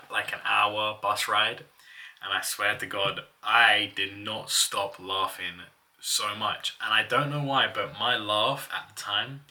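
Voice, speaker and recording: Chatty man, bright tone. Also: on the low side, distant mic. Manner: chatty, laughs often while telling stories. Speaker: vlogger. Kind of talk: casual personal storytelling.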